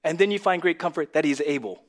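A male pastor delivers a sermon in a voice that sits a little high for a man. He moves between quiet, close lines and loud, emphatic ones. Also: fast talker. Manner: swings from hushed to loud and emphatic.

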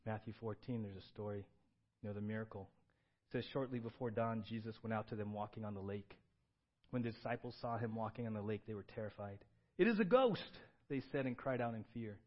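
A man preaching a sermon with animated swings between loud excited bursts and quiet earnest tones, reading scripture aloud. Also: fairly low pitch, fairly quick, highs cut off. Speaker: pastor.

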